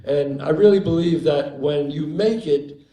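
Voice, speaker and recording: An older man from the Bronx with a New York accent spins an animated tale for a live audience and acts out the characters as he goes. His voice sits a little high for a man, and the stage sound rings around the room. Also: unhurried. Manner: animated raconteur, acts out the people in his stories. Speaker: guest actor on stage. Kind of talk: live onstage storytelling. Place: theater stage before an audience. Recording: roomy live venue with crowd.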